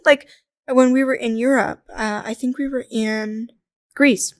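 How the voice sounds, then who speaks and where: A young adult woman chatting as a podcast guest, telling lively stories, acting out quoted voices and laughing often. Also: fairly high pitch, a little slow, no room sound, studio quality. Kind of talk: casual conversational interview.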